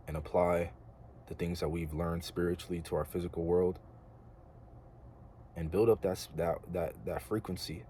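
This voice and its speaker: Young man, deep mellow voice, earnest and rambling casual monologue, faint room hiss. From United States. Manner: earnest, rambling, slangy with filler words. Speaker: vlogger.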